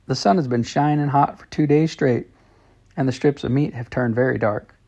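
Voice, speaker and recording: A man's voice: medium pitch, moderate pace, warm tone, lo-fi sound. A man reading a children's story told in letters, in plain, friendly storytelling. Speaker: storybook reader.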